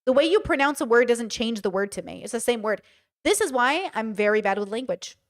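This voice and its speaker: A woman's voice: fairly high pitch, lively intonation, a little fast. Chatty woman hosting a livestream. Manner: chatty, rambling with many fillers and restarts. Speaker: streamer host. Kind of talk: casual livestream commentary.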